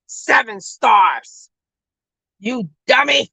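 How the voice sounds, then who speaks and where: A woman hosting an online talk show, ranting loudly and profanely in sassy commentary, often shouting. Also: high-pitched, unhurried, slightly rough, dry recording, poor audio. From West Coast of the US. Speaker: host.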